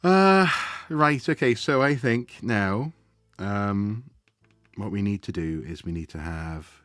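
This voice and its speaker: A man chatting casually to viewers as he draws on a live stream, relaxed and thinking aloud, often trailing off mid-sentence. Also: lowish voice, takes it slowly, no echo, soft background music. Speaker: art streamer. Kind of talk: casual chat while drawing live.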